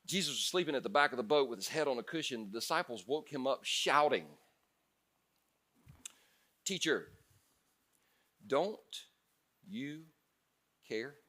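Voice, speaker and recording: A male pastor preaching a sermon, animated, moving between loud bursts and hushed passages. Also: mid-range voice, fast, hardly any pauses.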